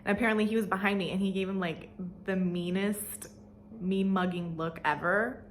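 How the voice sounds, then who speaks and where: A woman in her twenties telling an animated, slangy story while getting ready, swearing freely and mimicking the people in it. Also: mid-range voice, moderate pace, slight background noise. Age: 20s. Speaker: vlogger. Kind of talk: get-ready-with-me storytime chat.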